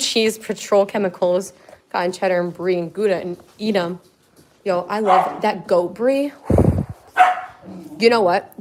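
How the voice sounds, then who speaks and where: A young woman chatting casually on her livestream from home. Her talk wanders and bubbles with giggles and filler words. Her voice sits in an ordinary middle pitch. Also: a little mellow, slight background noise. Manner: rambling, filler-heavy, giggly. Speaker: livestream host.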